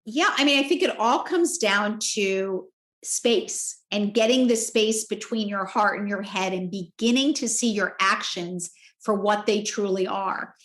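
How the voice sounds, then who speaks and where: A woman in her forties, a podcast guest, telling a personal story in an expressive, candid way. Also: medium pitch, a little slow. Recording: roomy echo.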